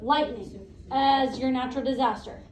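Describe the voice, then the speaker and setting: A woman teacher leading a classroom lesson, brisk and encouraging, asking the class questions. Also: high-pitched, fairly even intonation, reverberant, distant mic, poor audio.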